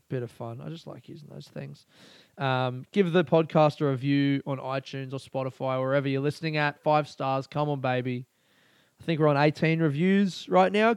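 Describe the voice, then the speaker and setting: A man's voice: a little high, clear, resonant tone, no room sound. A young adult man with an Australian accent, a comedian hosting his own podcast, talking in a sweary, rambling way and acting out stories. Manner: sweary, rambling, acts out stories in raised voices. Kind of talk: solo casual podcast monologue.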